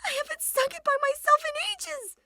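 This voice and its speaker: A woman doing a shrill, stammering anxious girl. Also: steady tone, brisk, very noisy. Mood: panicky. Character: anxious young woman, stammering, easily panicked.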